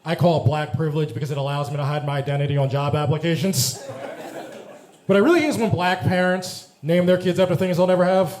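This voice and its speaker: A man's voice: a little high, steady tone, fast, a little mellow. A young man in his twenties doing stand-up in a comedy club, with a dry, proper-sounding delivery. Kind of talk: stand-up set. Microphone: handheld stage mic. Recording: live club with roomy echo and crowd laughter. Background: audience laughing.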